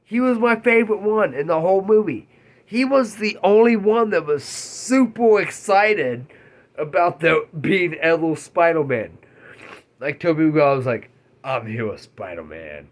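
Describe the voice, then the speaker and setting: Excitable man with a lively pitch. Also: a little slow. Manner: excitable, swears freely, laughs mid-sentence. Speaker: movie reviewer. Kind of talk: casual spoiler-filled movie rant.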